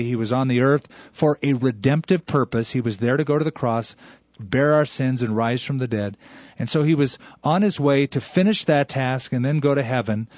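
A man's voice: mid-range voice, a little mellow, no echo, highs cut off. A man teaching as a radio Bible host, explaining a verse to a caller in an earnest, lecturing way.

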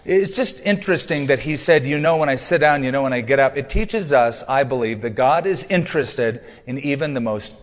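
A man's voice: medium pitch, expressive, fairly quick, hardly any pauses, long reverb tail. A man preaching a sermon in a conversational, humorous way, reading scripture aloud between stories. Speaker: pastor.

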